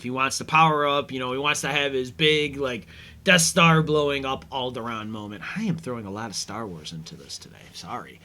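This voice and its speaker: A man's voice: medium pitch, pushed and bright. A man hosting a casual episode commentary, rambling easygoing with lots of fillers. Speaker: podcast host.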